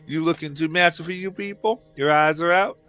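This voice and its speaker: A man's voice: on the high side, fairly quick, bright, forceful tone, clear, resonant tone, dry recording, soft background music, voice pushed up. A man voicing a cheery, exuberant townsperson who greets a friend in a tabletop game. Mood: delighted. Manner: squealing and exuberant.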